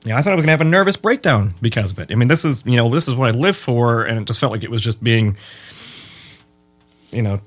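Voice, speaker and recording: A man's voice: medium pitch, expressive, quick pace. Laid-back man with dry humor. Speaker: guest, bass guitar maker. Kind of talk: casual interview chat.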